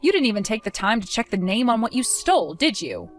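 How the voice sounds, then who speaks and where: Calm, coldly accusing woman. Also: on the high side, fast talker, soft background music. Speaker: wronged fiancée telling her side. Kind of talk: dramatized story dialogue.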